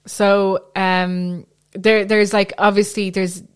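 A woman's voice: medium pitch, little pitch movement, slow pace, clear, resonant tone. A woman podcast host telling a true crime story in a chatty way, with frequent ums and restarts. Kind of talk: casual storytelling chat.

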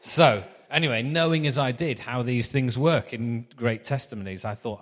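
A man in his thirties gives a casual, story-filled sermon, joking at his own expense and filling pauses with ums. His voice sits at an ordinary middle pitch and carries a long hall reverb. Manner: chatty, self-deprecating, many ums. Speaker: preacher. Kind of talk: sermon with anecdotes.

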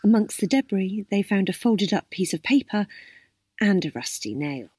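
A woman narrating a story aloud, unhurried and expressive. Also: medium pitch, slightly rough, no echo, studio quality.

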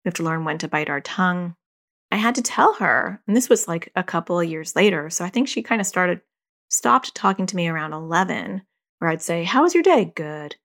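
A woman's voice: on the low side, fairly quick, fairly bright tone. A middle-aged woman therapist and parent giving casual advice, telling stories with animation, laughing and acting out quoted voices.

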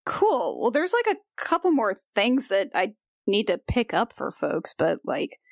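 A woman playing a tabletop game, chatty and quick to laugh. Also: mid-range voice, huge pitch swings, creaky, no room sound, studio quality. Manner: giggly, chatty. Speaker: player. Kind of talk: casual tabletop play.

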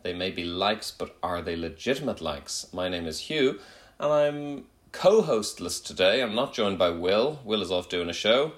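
This is a young man with a lowish voice, hosting a casual comedy podcast. He tells stories with energy, dropping quick jokey asides along the way. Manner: animated storyteller, quick asides. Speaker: podcast host.

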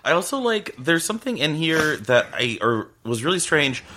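Bright-voiced man in casual chat. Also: fairly high pitch, sing-song, normal speed. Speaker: podcast co-host.

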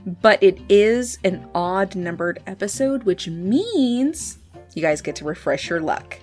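A woman's voice: mid-range voice, lively intonation, takes it slowly, a little mellow, soft background music. A woman hosting a tabletop role-play podcast as game master, playful and upbeat.

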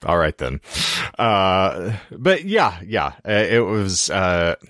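Deep, hoarse-voiced podcast host. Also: male voice, big pitch swings, takes it slowly, fairly bright tone, no echo, clean studio sound. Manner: rambling storyteller, wry asides. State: hoarse throat after illness. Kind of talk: casual podcast chat.

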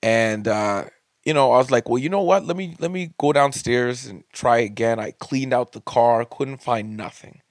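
A man in the middle of a fired-up comedy podcast rant, swearing freely and climbing in pitch whenever the outrage peaks. His voice sits at an ordinary middle height. The recording is close and dry, with no room sound around him. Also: moderate pace, no echo. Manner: heated, profane storytelling with rising outbursts. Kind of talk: profane ranting monologue.

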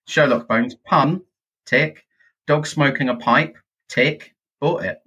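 Wry man with a husky voice. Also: medium pitch, takes it slowly, bright, forceful tone. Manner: wry, teasing questioner. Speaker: podcast co-host. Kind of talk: casual chat.

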